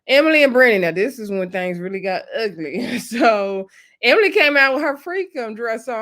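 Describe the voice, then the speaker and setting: A woman's voice: on the high side, fairly quick. Chatty woman recapping a reality show. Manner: chatty, animated, laughs often, acts out quotes; uses Southern US slang like y'all and child. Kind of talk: casual recap commentary.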